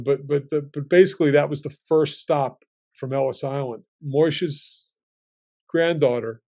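A man's voice: a little high, a little mellow. A man in his sixties, a guest telling family stories in a casual way and acting out his relatives' lines as he goes.

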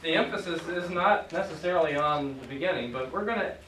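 A man's voice: a little high, expressive, a little fast, a bit bright. Man teaching a class in an echoey room. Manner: patient, joking, leads call-and-response drills. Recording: echoey room from far off, faint noise.

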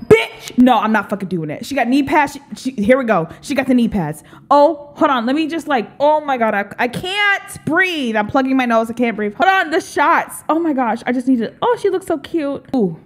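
A woman's voice: sits high, animated, moderate pace, hardly any pauses. A young woman hosting a reaction video, gushing and exclaiming as she watches, with faint music behind her. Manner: gushing, exclaims often, calls the viewer girl. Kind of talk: excited reaction commentary. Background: music video playing.

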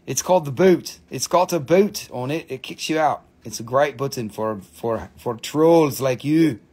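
A man hosting a live-stream mineral sale, gushing excitedly over each stone, swearing freely and calling out prices. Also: medium pitch, measured pace, breathy edge. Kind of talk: live-stream sales chat.

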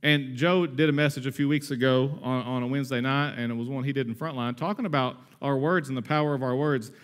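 A man in his thirties preaching a sermon in a conversational, energetic way, with asides and humor. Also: mid-range voice, quick pace. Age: 30s. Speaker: pastor.

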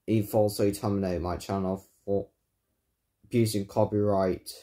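A man ranting angrily in a vlog, swearing often and repeating himself in halting bursts. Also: lowish voice, fairly even intonation, warm tone. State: angry. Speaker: YouTuber. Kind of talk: angry vlog rant.

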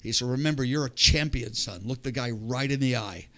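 Older man telling a lively life story. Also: medium pitch, a little fast. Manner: animated, acts out the voices of people in his story. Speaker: podcast guest. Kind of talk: personal testimony storytelling.

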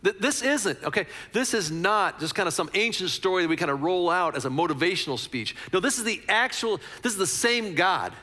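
A man's voice: sits high, expressive, fairly quick, few pauses, bright, forceful tone, long reverb tail. A man preaching a conversational sermon as a pastor, repeating phrases for emphasis.

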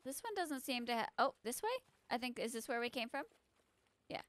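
A young woman playing a co-op game, excitable, gasping and squealing at the scares. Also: fairly high pitch, a little fast, dry recording. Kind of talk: casual co-op gameplay chat.

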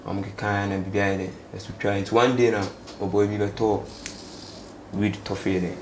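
A young man from Ghana gives a casual interview in a low, flat voice. He speaks haltingly and repeats himself, mixing English with local words. The recording has an echo and faint background noise. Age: young adult.

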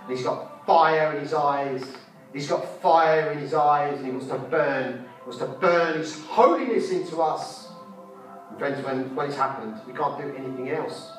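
A man preaching at a conference, fervent and repetitive, shifting between loud exhortation and quiet storytelling. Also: fairly high pitch, normal speed. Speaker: street preacher. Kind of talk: conference sermon. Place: large conference hall. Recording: echoey hall from a distance with faint music.

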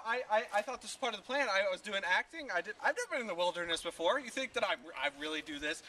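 A man hosting a parody survival show outdoors in the woods, with deadpan how-to narration that breaks into comic ranting. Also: sits high, fast, distant mic. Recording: outdoor recording with clear background noise.

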